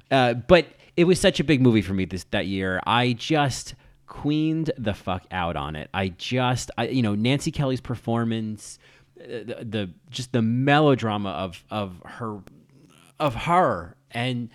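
Campy, enthusiastic male film podcaster, low voice, dry close sound. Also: dry recording. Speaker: podcast host. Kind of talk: casual film commentary.

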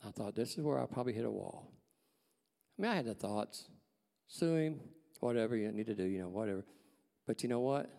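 A man, telling a personal testimony in church as a folksy, animated storyteller. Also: on the low side, brisk, creaky, pauses often, big-room sound. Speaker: church staff member giving a testimony.

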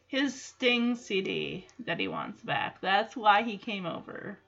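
A woman's voice: mid-range voice, very animated, slow pace, vocal fry, a bit bright, muffled recording. A woman hosting a podcast, recapping a sitcom episode in a chatty way, laughing often and acting out the characters' lines. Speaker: podcast host.

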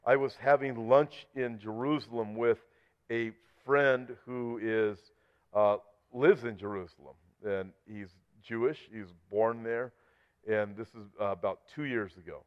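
Male preacher, mid-pitched, earnest teaching voice that swells when he reads scripture; slightly muffled lo-fi sound. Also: steady tone, measured pace, clear, resonant tone. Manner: earnest, rises loud when reading scripture aloud. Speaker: Bible prophecy teacher. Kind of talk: sermon-style teaching. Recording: slightly dull lo-fi audio.

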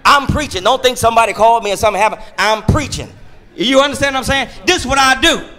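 A man preaching a sermon in church, in a call-and-response style that swings between shouts and quiet asides. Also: very high voice, quick pace. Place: church sanctuary.

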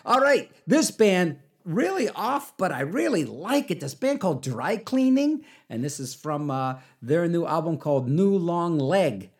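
A man's voice: fairly high pitch, big pitch swings, measured pace, few pauses. A man hosting a college radio show, back-announcing songs in a rambling, self-mocking way full of fillers.

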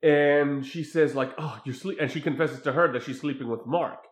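A man casually recapping a film scene by scene, crude and animated, mimicking the characters' lines as he goes. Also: fairly high pitch, normal speed, reverberant. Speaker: podcast co-host recapping a film. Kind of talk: casual chat.

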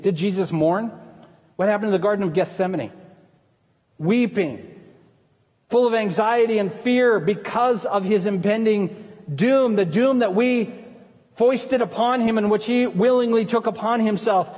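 A man's voice: high voice, normal speed, darkish tone. A man preaching a sermon as pastor, talking in a conversational way and asking the congregation questions. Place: church sanctuary. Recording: church hall with long reverb.

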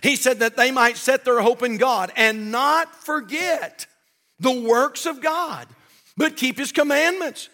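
A man's voice: very high-pitched, slow, pushed and bright, long reverb tail. An older man preaching a sermon from a church pulpit, in a folksy, fervent way with many repeats. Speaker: pastor.

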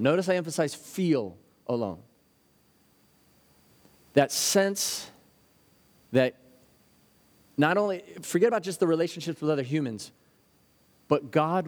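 A man's voice: fairly high pitch, expressive, measured pace, long pauses. A man preaching a sermon as a pastor, earnest and story-driven, sometimes acting out the anxious voices of children. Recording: hall with long reverb.

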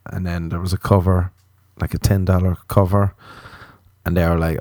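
An Irish man spins a comic anecdote in a low, warm, slightly hoarse voice that sounds a bit sick. He rambles, swears and slips into quoted dialogue. The sound is close and dry. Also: steady tone, normal speed, dry recording. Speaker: comedian. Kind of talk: comic storytelling.

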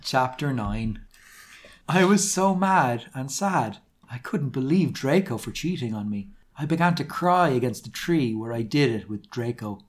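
A British man co-hosting a comedy podcast reads a piece of fan fiction aloud with dramatic flair, putting on silly voices for the quotes. His voice is medium-pitched and unhurried.

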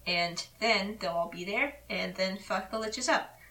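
Bright-voiced woman, a bit off-mic. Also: medium pitch, a little slow, distant mic. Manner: laughs often, teasing and excitable. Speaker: podcast co-host. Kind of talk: casual fan podcast chat.

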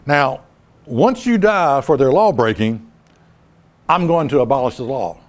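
God the Father, calm commanding older male deity, as a preacher puts him on, lively pitch. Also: unhurried, natural voice. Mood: instructing.

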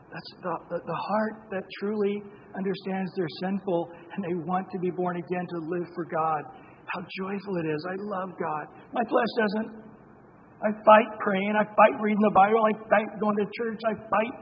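A man's voice: high voice, slight background noise. Emphatic man preaching in a reverberant hall. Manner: emphatic, conversational preaching with asides. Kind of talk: sermon. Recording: dull lo-fi sound with long reverb in a hall.

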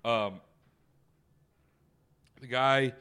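A young man in casual chat, telling a crude story with animated laughter. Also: medium pitch, extremely slow, clear, resonant tone. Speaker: podcast co-host.

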